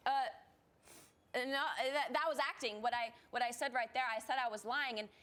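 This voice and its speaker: A woman's voice: on the high side, normal speed, fairly bright tone, natural voice. An actress playing a vain, insecure young woman who is flustered, defensive and desperate for praise, in a comedic student film. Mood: needy.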